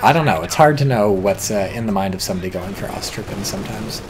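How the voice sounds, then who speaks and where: A man's voice: on the low side, lively intonation, quick pace. A man giving casual live-stream commentary on a strategy game, wry and offhand, swearing now and then.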